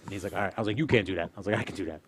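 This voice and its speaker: A man's voice: deep voice, very fast, slight background noise. A man casually telling a rowdy story, swearing and acting out every line of dialogue.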